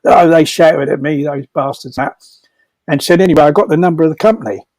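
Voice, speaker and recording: A man's voice: on the high side, brisk, darkish tone, no echo. An older man telling rambling stories casually, laughing often and restarting his sentences. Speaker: storyteller at a comedy fundraiser. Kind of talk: casual anecdotal storytelling.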